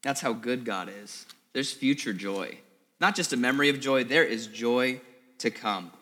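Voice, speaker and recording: A man's voice: mid-range voice, moderate pace, pushed and bright. Man, pastor, sermon, conversational storytelling, repeats words, echoing hall. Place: church service in a school hall. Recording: long hall reverb.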